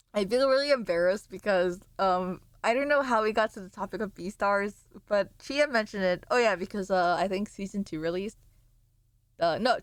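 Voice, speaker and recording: A woman's voice: mid-range voice, no echo. A woman streamer chatting casually with viewers, sleepy and playful, rambling with sudden squeals and mock voices. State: sleepy, yawning.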